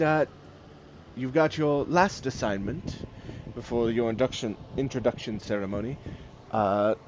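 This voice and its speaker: A man narrating as game master for a tabletop game, relaxed and chatty. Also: mid-range voice. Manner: relaxed, chatty, with fillers and laughs. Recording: slightly muffled stream audio with faint background noise.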